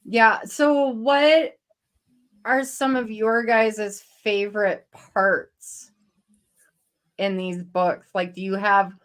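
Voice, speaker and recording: A woman hosting a casual book podcast, earnest and halting, restarting her sentences often. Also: mid-range voice, steady tone. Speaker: podcast host.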